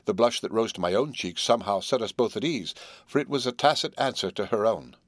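A man's voice: fairly low pitch, expressive, a little fast, no echo. Man reading a classic novel aloud. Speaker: audiobook narrator. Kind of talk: scripted narration.

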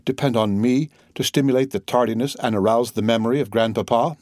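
A man voicing a timid, gentle young woman who speaks softly and anxiously in an audiobook reading. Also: medium pitch, fairly quick, dry recording, clean studio sound, lightly acted.

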